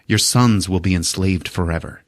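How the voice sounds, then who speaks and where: A man's voice: low-pitched, normal speed. A man doing an earnest young hero-king. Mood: solemn.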